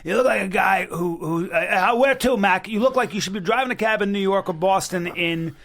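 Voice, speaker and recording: A man's voice: sits high, a little fast, vocal fry, fairly bright tone. A man hosting a podcast in casual chat, enthusiastic and playful with his guest. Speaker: podcast host.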